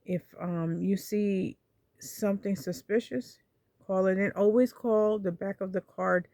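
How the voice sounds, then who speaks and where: A woman's voice: medium pitch, fairly even intonation, measured pace, mellow, dry recording, studio quality. A woman telling a personal story in a casual vlog, rambling and retelling conversations with many restarts. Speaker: vlogger.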